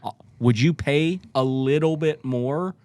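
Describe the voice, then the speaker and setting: A man's voice: fairly high pitch, a little slow, darkish tone, no room sound. A man co-hosting a podcast, chatting casually about sales and often shifting his tone up and down to make a point. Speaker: podcast co-host. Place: studio.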